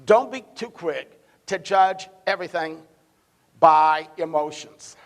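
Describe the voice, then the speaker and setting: A male pastor delivers a sermon in a church sanctuary. His voice sits high for a man, and he leans hard on key words before dropping to a near-hush. He often repeats a word as he builds toward his point. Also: slow, long reverb tail. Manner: emphatic, swings between loud and hushed.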